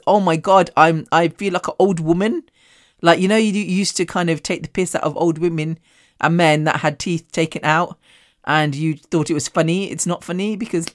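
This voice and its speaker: Loud, sweary woman podcaster. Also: on the low side, dry recording, clean studio sound. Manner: loud, animated and swearing freely. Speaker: podcast host. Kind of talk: casual storytelling monologue.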